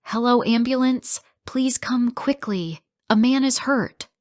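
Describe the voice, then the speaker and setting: A woman's voice: fairly low pitch, steady tone, normal speed, no echo, studio quality, close to an everyday voice. A woman voicing a poor, frightened mother who pleads and cries out to protect her daughter. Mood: urgent. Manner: pleading, rising to screams under threat.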